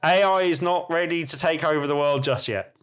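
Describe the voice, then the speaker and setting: A man's voice: a little high, brisk, a bit bright, clear, resonant tone. A British man co-hosting a gaming podcast, chatting in a dry, wry way. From United Kingdom. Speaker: podcast co-host. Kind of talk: casual chat.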